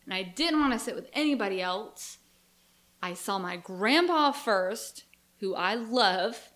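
A woman's voice: mid-range voice, expressive, a little slow, fairly bright tone. A young woman co-hosting a podcast, telling a childhood story in casual chat and acting out her family's reactions. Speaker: podcast co-host.

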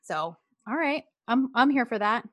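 A woman's voice: fairly high pitch, expressive, moderate pace, fairly bright tone, no room sound. A woman co-hosting a casual chat, recapping a show's scenes with lots of fillers. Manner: chatty, talks through scenes with fillers. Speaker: co-host reviewing a show.

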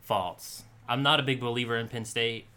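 A man's voice: medium pitch, moderate pace, bright, forceful tone, clean tone. A man co-hosting a podcast, trading offhand jokes in casual sports chat. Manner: joking, offhand banter. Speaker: podcast co-host.

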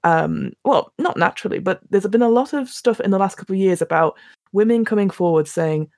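Speaking a little fast in a medium-pitched, creaky voice, a woman co-hosts a laid-back podcast reviewing films. She animatedly retells scenes, acts out the quotes, and frequently restarts, all in clean, echo-free studio sound.

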